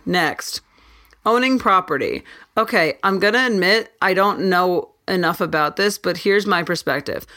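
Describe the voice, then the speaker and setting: A young woman hosts her own podcast, talking alone in a loose, chatty rant. She keeps cutting herself off and restarting. Her pitch swings widely from low grumbles to sudden high exclamations. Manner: animated, ranting, self-interrupting with laughs. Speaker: podcast host. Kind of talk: casual solo podcast rant.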